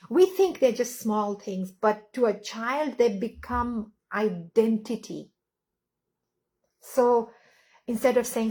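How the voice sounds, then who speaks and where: A woman giving a slow, earnest motivational talk with pauses, on a live stream. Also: on the high side, mellow, rough recording. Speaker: speaker.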